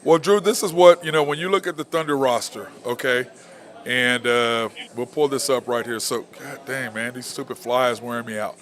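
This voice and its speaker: A man hosting a sports talk show, making blunt opinionated points with rapid-fire rhetorical questions. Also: mid-range voice, fairly bright tone. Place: outdoor venue at a barbecue spot.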